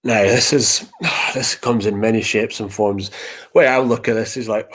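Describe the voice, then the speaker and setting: A man's voice: on the low side, steady tone, normal speed, fairly bright tone. A man hosting a podcast, talking casually about grief and acting out old conversations in a rambling, repetitive way. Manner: rambling, repeats words, acts out past conversations. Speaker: podcast host.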